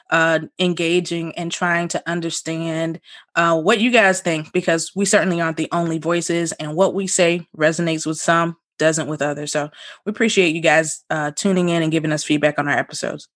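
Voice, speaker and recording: This is a chatty podcast co-host in casual talk. The delivery is animated and full of fillers, with pitch leaping up at lively moments.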